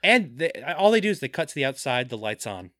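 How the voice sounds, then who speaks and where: A man's voice: medium pitch, fast talker, no echo, studio quality. A man co-hosting a podcast, chatting casually about a film and acting out characters' lines. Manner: animated, acts out characters' lines. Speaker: podcast co-host. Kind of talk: casual movie recap chat.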